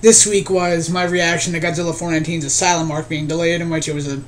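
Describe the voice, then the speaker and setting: A man's voice: fairly high pitch, fairly even intonation, fast, slight background noise. A young man giving a casual, rambling vlog update to his viewers, earnest and often restarting his sentences. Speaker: video creator.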